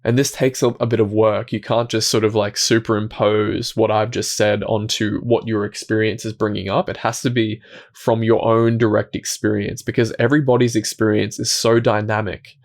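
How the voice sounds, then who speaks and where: A man hosting a reflective self-help talk, speaking calmly and gently, often restarting his thoughts and dropping into soft, quiet asides. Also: lowish voice, normal speed. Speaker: self-help video host.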